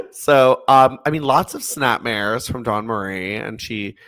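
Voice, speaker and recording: A man co-hosting a chatty podcast, his pitch swinging up and down as he talks. He laughs a lot and leans on fillers between thoughts. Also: animated, slow, a bit bright. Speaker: podcast co-host. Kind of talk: casual chat.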